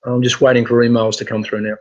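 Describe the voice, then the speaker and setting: A man with a medium-pitched, slightly mellow voice and little pitch movement runs a casual live computer training webinar. He speaks haltingly, using many fillers and starting over often, and the recording sounds muffled.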